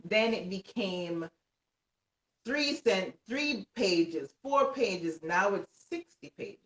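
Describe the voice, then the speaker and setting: An excitable woman tells a story with lots of energy, at times laughing and shouting. Her voice sounds set back from the mic and echoes around a roomy space. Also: mid-range voice, takes it slowly, far from the mic. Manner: animated, breaks into laughs and shouts when excited. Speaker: guest author. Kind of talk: excited storytelling on a live stream.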